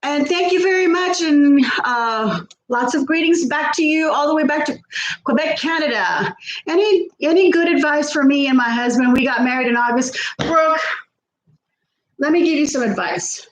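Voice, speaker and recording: Middle-aged lady chatting while she cooks, high voice, laughs a lot, echoey kitchen. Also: normal speed. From South Texas. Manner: chatty, laughs often, reads viewer comments aloud. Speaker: vlogger. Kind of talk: casual chat while cooking. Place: home kitchen.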